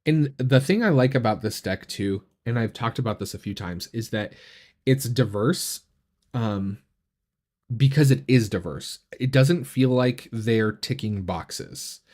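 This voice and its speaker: A man hosting a casual live stream, chatting in a relaxed, rambling way with many fillers and restarts, enthusiastic about what he shows. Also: medium pitch, measured pace. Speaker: tarot reader and channel host.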